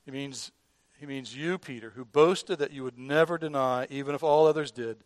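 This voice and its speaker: A man preaching a sermon in an earnest way, who often repeats and restarts words and drops from loud emphasis to a hush. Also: medium pitch, normal speed, no echo. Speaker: pastor.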